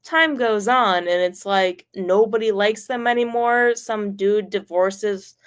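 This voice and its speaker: A woman's voice: medium pitch, slow pace, clear, resonant tone. Rambling woman telling a story on stream. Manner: rambling, filler-heavy, profane, animated. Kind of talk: casual livestream storytelling.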